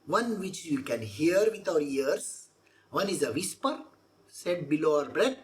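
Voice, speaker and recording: A woman's voice: sits low, sing-song, a little slow, slight background noise. A woman explaining scripture verse by verse as a spiritual teacher, repeating her points and asking rhetorical questions. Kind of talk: scripture exposition talk.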